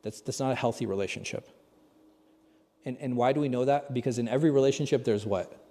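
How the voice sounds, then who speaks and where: A man gives a relaxed religious lesson in a large mosque hall. His tone is mellow and warm. He keeps asking his listeners questions, and the reverb trails on after each phrase. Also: mid-range voice, fast talker. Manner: asks the audience rhetorical questions. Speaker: imam teaching a class.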